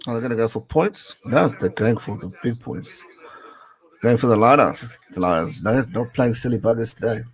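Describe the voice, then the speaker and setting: Over a rough recording, a young man at a moderate pace and in a mid-range voice commentates casually on a rugby match as he watches live, talking with viewers and reading out what they send.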